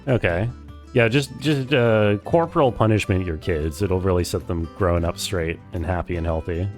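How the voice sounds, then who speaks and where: A man's voice: low voice, moderate pace, faint music behind. A man casually commenting while he plays a story game, chatty and wry and thinking aloud. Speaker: game streamer.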